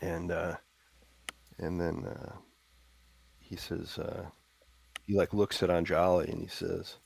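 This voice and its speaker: A man playing a tabletop game, telling his character's story with lots of laughs and halting fillers. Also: low-pitched, level tone, vocal fry, husky, no room sound. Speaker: player.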